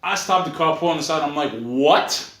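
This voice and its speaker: Profane, animated storytelling man, echoey room. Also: fairly high pitch, fast. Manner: profane, animated, acts out quoted voices. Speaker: podcast co-host. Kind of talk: casual storytelling chat.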